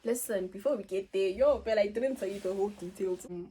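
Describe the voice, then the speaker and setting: A woman's voice: mid-range voice, a little fast, breathy edge. A teenage woman vlogger telling a story in casual chat, acting out the people she quotes. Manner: animated storytelling, acts out quoted voices. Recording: faint background noise.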